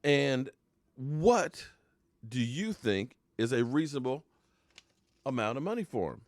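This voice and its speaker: A middle-pitched man talks through a casual live sports stream. He rambles, reacts to viewer comments and now and then hams up mock heartbreak. The sound is dry and close, with no room echo. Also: sing-song, unhurried.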